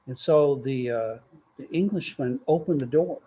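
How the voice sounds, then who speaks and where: Folksy older man, mellow voice. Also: fairly high pitch, animated, unhurried, husky. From Texas. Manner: rambling, folksy, meandering. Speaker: grandfather podcast host. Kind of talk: casual storytelling chat.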